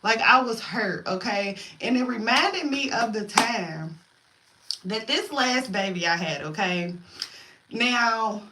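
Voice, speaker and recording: A woman's voice: fairly high pitch, slow pace, slight background noise. A woman, telling a dramatic story in a casual storytime vlog with lots of slang. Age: 30s. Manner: animated, dramatic retelling with slang. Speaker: storytime vlogger.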